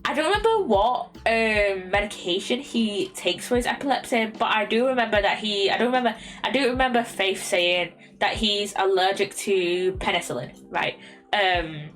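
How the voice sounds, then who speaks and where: Young English woman streamer, casual, rambling with many fillers, soft music underneath. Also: mid-range voice, normal speed. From England. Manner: rambling, many ums and restarts. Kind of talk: casual chat.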